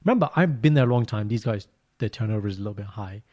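A man co-hosting a podcast, telling a story in a casual, animated way and jumping into high, exaggerated voices. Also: racing. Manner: animated storytelling, breaks into high mock greetings. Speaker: podcast co-host. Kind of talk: casual chat.

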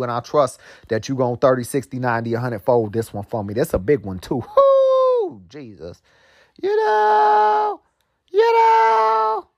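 Profane, slow-drawling man, dry sound. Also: mid-range voice, no echo. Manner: profane, loose street slang with constant filler asides; drawls slowly, then bursts into fast heated storytelling. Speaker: host. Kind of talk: casual monologue.

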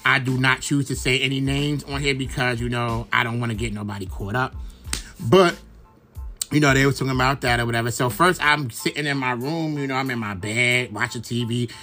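A man's voice: mid-range voice, a little fast, sharp tone, faint music behind. Chatty profane Brooklyn man gossiping. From Brooklyn, New York. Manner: chatty, profane, rambling with many fillers. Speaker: podcast host. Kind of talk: casual gossip monologue.

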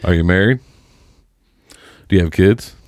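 A man's voice: deep voice, unhurried, dry recording, clean studio sound. A man chatting casually with wry, self-deprecating remarks. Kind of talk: casual chat.

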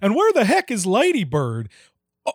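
A man's voice: sits high, huge pitch swings, moderate pace, no room sound, clean studio sound, exaggerated voice. A man voicing Hank, a folksy middle-aged Texan dad who drawls and keeps exclaiming "oh", in a podcast comedy reading. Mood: puzzled.

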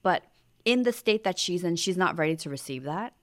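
A woman co-hosting a podcast, telling a parenting story in a reflective, soft-spoken way. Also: lowish voice, expressive, a little fast. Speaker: podcast co-host. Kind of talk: casual conversation.

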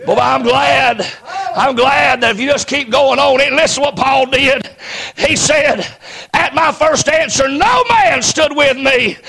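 A preacher with a very high, gravelly voice and a bright, forceful edge. He tells his story in a sermon, swinging between low asides and shouted climaxes. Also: measured pace.

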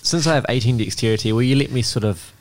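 A man's voice: mid-range voice, fast, slight background noise. A man playing a tabletop game, joking and teasing the others. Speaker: player. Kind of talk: casual play at a tabletop game.

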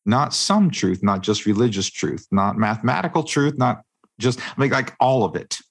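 A man's voice: mid-range voice, expressive, moderate pace, breathy edge. A middle-aged man co-hosting a casual faith discussion podcast, speaking earnestly with preacherly emphasis. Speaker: podcast co-host.

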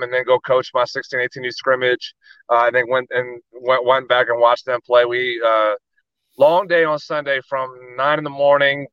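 A man co-hosts a casual sports chat in an excitable, slangy way and often stammers through restarts. The recording is dull and lo-fi, with very dry sound. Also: medium pitch, clean tone, dry recording. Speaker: co-host, youth softball coach.

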